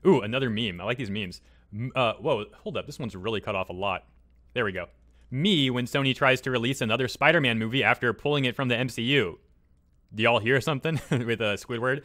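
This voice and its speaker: A man's voice: mid-range voice, a little fast, fairly bright tone. A man hosting a casual commentary video, reading out posts and chatting about them with loose fillers and asides. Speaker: YouTube commentator.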